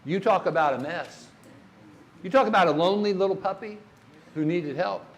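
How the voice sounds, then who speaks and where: A man's voice: high-pitched, normal speed. An older man giving a church workshop talk on grief, folksy and storytelling, asking the audience questions.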